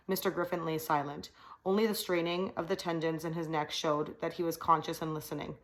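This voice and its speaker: A woman reading a novel aloud at a steady pace, now and then slipping over a word. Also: deep voice, a little fast, low-quality recording. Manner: steady reading with small slips. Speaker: audiobook reader.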